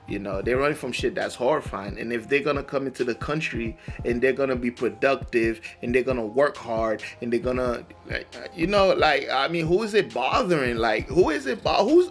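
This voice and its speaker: A man hosting a reaction video, talking in loose, rambling, slang-heavy casual commentary with frequent restarts. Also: mid-range voice.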